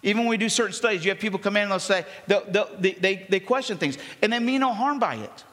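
A man preaches to his church in a high, lively voice. He talks to the congregation like it's a conversation and acts out the voices of the people in the story. His voice rings with long reverb through the sanctuary. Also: fast talker. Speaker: pastor. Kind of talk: sermon.

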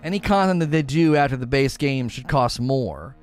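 A man's voice: mid-range voice, lively intonation, normal speed, darkish tone, soft background music. A man hosting a gaming talk show, ranting in an exasperated, emphatic way to his co-hosts. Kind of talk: opinionated gaming commentary.

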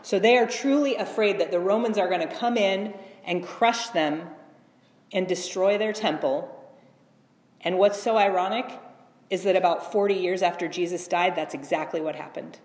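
A woman's voice: on the low side, moderate pace. Woman preaching in an echoey hall. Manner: expressive scripture reading with asides. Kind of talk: sermon reading with commentary.

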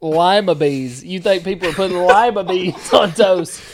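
Hesitant, higher-voiced guest man. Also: steady tone, moderate pace, crowd noise. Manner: hesitant, filler-heavy. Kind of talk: casual chat.

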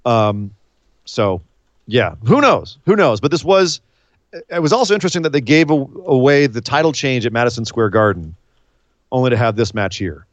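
A man co-hosting a casual chat about a wrestling show, animated and acting out the quotes he retells. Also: mid-range voice, normal speed, no echo, dull audio. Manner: animated, acts out quotes in put-on voices. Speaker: podcast co-host.

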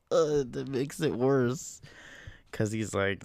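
A man's voice: mid-range voice, very slow, vocal fry, dry recording. A young man hosting a casual solo podcast, talking loosely and rambling with plenty of fillers. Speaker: podcast host.

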